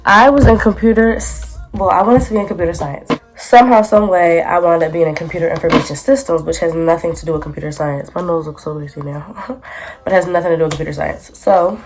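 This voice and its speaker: A woman's voice: lowish voice, fairly even intonation, quick pace, over music. A young woman vlogging casually from her phone, chatty and exasperated, full of slang. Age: young adult. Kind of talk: casual storytime vlog. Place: outdoors on a city street.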